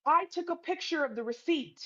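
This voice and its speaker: A woman's voice: sits high, expressive, a little fast, a crowd in the background. A woman telling a story to camera in a blunt, profane, emphatic way. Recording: dull lo-fi sound.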